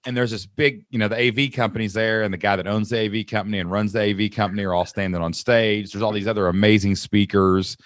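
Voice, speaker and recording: A thirtysomething American man hosts a podcast interview, telling stories with lots of enthusiasm and animated quoted voices. His voice sits lowish and he talks fast with hardly any pauses. The recording is studio quality with no room sound.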